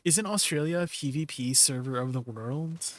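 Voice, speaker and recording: A man's voice: fairly high pitch, moderate pace, slight background noise. A man streaming a game, chatting casually with his viewers in an easygoing way, with plenty of fillers. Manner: chatty and easygoing, many fillers, laughs often. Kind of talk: casual livestream chat with viewers.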